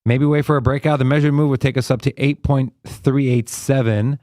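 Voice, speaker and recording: A male trader on a live stream, casually working through charts and stopping to think mid-sentence. His pitch sits in the middle of the range, and the recording is dry, with no room echo. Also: brisk. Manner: relaxed, thinks aloud with fillers while reading charts. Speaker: co-host and trader on a live trading show.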